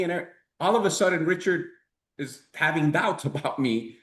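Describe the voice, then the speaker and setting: A man giving a conversational sales training, animated, checking in constantly with "right?" and acting out sample dialogues. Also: a little high, normal speed. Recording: echoey room.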